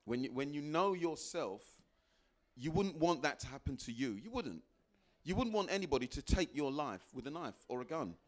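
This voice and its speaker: A man giving a motivational talk to a live audience, repeating phrases for emphasis and acting out little exchanges with sudden jumps into a high voice. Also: normal speed. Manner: animated, acts out little dialogues with sudden high jumps in pitch. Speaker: guest speaker.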